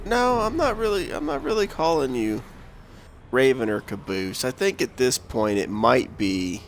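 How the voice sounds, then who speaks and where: A man's voice: mid-range voice, lively intonation, a little slow, slight background noise. A man in casual gaming banter over voice chat, profane and joking.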